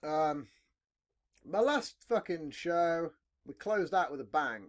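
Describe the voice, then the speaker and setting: This is a man hosting a podcast in loose, casual chat. His pitch jumps up and down a lot as he talks, and he swears bluntly and rambles from one thought to the next. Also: lively intonation, slow pace. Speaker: podcast host.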